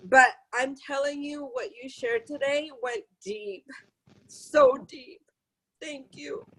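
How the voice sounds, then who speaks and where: A woman sharing a personal story on a video call, emotional and halting. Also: sits high, fairly bright tone, low-quality recording. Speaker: group participant.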